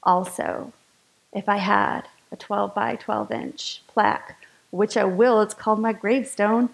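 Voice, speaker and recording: A woman's voice: mid-range voice, steady tone, a little slow, vocal fry, low-quality recording. A woman giving a chatty, enthusiastic sermon-style talk to a spiritual community gathering.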